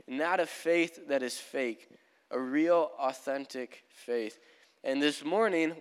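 A man's voice: a little high, fairly bright tone, clear, resonant tone. A young male pastor preaching a sermon in a casual, storytelling manner in a church. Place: church sanctuary. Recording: long church hall reverb.

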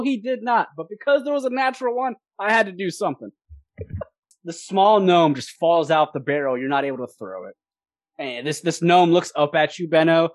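A game master narrating a tabletop role-playing game in a lively, laughing way with quick asides. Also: mid-range voice, no echo.

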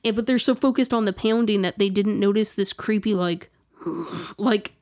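This woman's voice is medium-pitched with a darkish tone, and she speaks fairly quickly. Chatting with a friend, she spins a spooky story in rambling fashion, leaning hard on "like" and abandoning and restarting her sentences.

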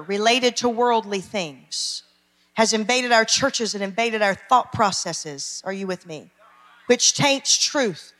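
A woman's voice: a little high, fairly bright tone. A woman pastor, preaching an emphatic sermon and calling out to her congregation. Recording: long hall reverb.

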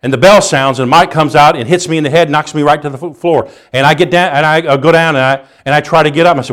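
A middle-aged male pastor preaching a sermon, acting out scenes with rising, near-shouting emphasis. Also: a little high, steady tone, fast, few pauses.

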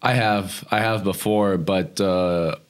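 A young man with a very low, deep voice chats in a relaxed interview, full of "you know" fillers and restarts. He grew up near Houston but speaks without a regional twang, and he laughs easily as he talks. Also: slow pace, clear, resonant tone. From Texas, near Houston. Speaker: guest. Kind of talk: casual conversational interview.

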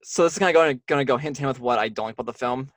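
A man's voice: mid-range voice, racing, no echo. A man co-hosting a podcast, talking about a film in a casual way and laughing easily. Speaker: podcast co-host. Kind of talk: casual movie discussion.

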